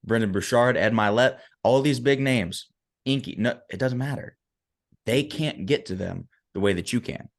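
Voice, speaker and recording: A man's voice: medium pitch, moderate pace, vocal fry. A man, a motivational speaker and coach, telling a story as a podcast guest, emphatic and often checking in with the listener.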